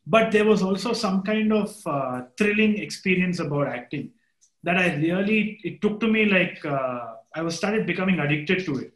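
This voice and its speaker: Man, Indian English accent, 30s, casual guest chat, animated and swearing, echoey room. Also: sits high, normal speed. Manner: animated storytelling, swears casually, quotes others. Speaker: interview guest, film director.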